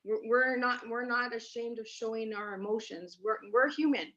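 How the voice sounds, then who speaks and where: Here a Canadian woman tells her personal story as a guest on a podcast, earnest and emphatic, restating things for stress. Her pitch is fairly high, her pace moderate, her tone a bit bright. The remote recording sounds dull and lo-fi.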